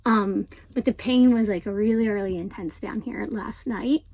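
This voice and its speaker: A woman's voice: medium pitch, normal speed, a little mellow, no echo, rough recording. Woman talking with a slight aligner lisp. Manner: chatty, with frequent ums and likes. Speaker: vlogger. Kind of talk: casual vlog diary.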